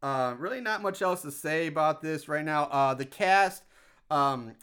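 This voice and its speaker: A man hosts a casual podcast, swearing freely and joking with dry sarcasm. His voice sits high and sounds bright and forward. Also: unhurried, clear, resonant tone. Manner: loose and profane, joking sarcasm. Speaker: podcast host.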